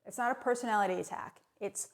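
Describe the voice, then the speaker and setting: A woman delivering tongue-in-cheek advice in a brisk, sardonic, mock-serious monologue. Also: mid-range voice. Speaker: comedic advice vlogger.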